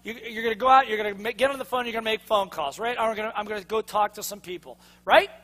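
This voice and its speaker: A man with a very high, bright, forceful voice drives a motivational seminar. He speaks in punchy bursts and keeps pulling answers from the audience. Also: fast. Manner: energetic, punchy, constantly asks the audience to respond. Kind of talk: seminar talk to a live audience.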